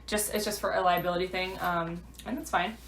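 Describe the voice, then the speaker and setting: A woman's voice: lowish voice, fairly even intonation, fairly quick, fairly bright tone. A woman, a new realtor, chatting through a rambling vlog update full of fillers. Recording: echoey room.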